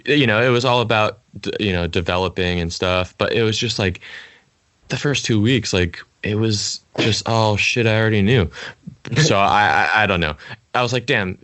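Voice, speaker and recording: A young man in his twenties hosts a podcast over a video call, chatting casually. His voice is on the low side and a bit bright, and he jokes, teases, and laughs readily.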